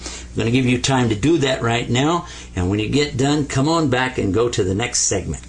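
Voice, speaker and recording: Older American man, lively swooping delivery, folksy teacher drilling letter sounds. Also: medium pitch. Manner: folksy, drawls out sounds slowly for students to repeat. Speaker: Arabic teacher. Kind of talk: taped video lesson to a home audience.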